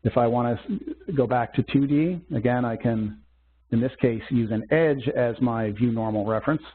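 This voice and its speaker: A man teaching a software demo in a webcast, walking through steps methodically with small fillers. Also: medium pitch, normal speed, slight background noise. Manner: methodical step-by-step explaining with fillers. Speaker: software instructor. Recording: tinny phone-like webcast audio.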